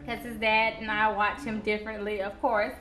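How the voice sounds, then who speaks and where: A woman's voice: mid-range voice, flat delivery, moderate pace, fairly bright tone. A young woman vlogging at home, cooing baby talk to her infant son and chatting to her viewers. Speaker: vlogger and new mother. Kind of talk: casual home vlog. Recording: roomy echo, faint background noise.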